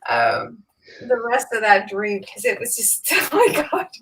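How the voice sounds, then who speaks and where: A woman's voice: a little high, huge pitch swings, a little slow, a bit bright, rough recording. A woman in her fifties hosting a craft livestream, chatting casually, laughing often and greeting viewers by name. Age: 50s.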